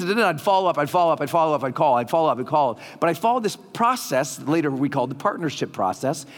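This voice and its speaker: A man speaking on stage to a live crowd, telling a story with lots of energy. He has a fairly high voice and jumps up even higher when he acts out other people's lines. The sound rings with a long hall reverb. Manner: animated storytelling, acting out quotes in a higher voice. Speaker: motivational speaker. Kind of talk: live stage talk to an audience. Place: large hall with a live audience.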